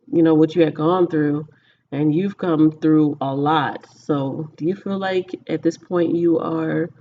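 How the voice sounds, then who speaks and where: A woman's voice: low-pitched, dark tone, a little hiss or hum. Rambling Texan woman livestreaming, dull audio. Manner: chatty, rambling, thinks aloud. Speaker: livestreaming vlogger. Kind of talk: casual livestream chat with viewers.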